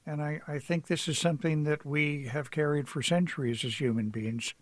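A man's voice: on the high side, steady tone, normal speed, no room sound. A man being interviewed on the radio as an author, telling stories in a reflective, anecdotal way. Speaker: author guest.

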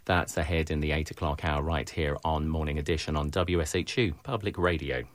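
A man hosting a public radio morning show, interviewing and reading announcements in a measured, polished way into a studio microphone. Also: a bass voice, steady tone, background noise. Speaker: radio host.

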